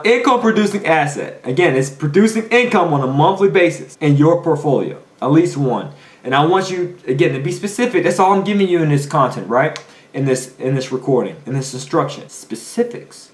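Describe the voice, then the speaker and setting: Emphatic man coaching in an echoey room. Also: fairly high pitch. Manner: emphatic, preachy, rhetorical questions. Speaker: finance coach. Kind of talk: motivational monologue.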